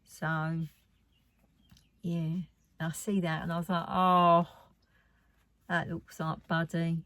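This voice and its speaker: A woman's voice: low voice, monotone, slow, no echo. A woman chatting casually about her craft haul. She rambles and often drops to a near whisper. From United Kingdom. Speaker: craft vlogger.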